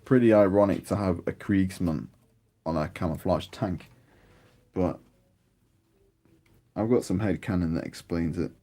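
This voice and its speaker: A British man with a husky voice chats casually while painting miniatures, rambling and growing animated. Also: low-pitched, unhurried, pauses often. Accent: British English. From United Kingdom. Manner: rambling, chatty, grows animated.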